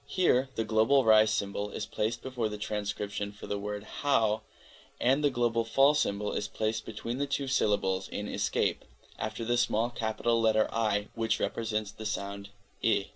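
A man reading an encyclopedia article aloud in a steady, careful way, spelling out letters where needed. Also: fairly low pitch, rough recording. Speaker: volunteer reader of an encyclopedia article. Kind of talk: read-aloud article narration.

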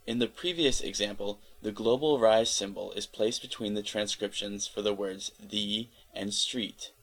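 Man, gravelly voice, lowish pitch, steady careful read-aloud narration. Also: unhurried, rough recording. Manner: steady, careful reading, spelling out letters. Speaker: volunteer reader of an encyclopedia article.

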